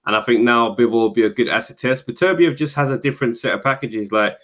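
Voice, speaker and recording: A man co-hosting a podcast, talking in relaxed casual chat and thinking out loud. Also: mid-range voice, fast, lo-fi sound. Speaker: podcast co-host.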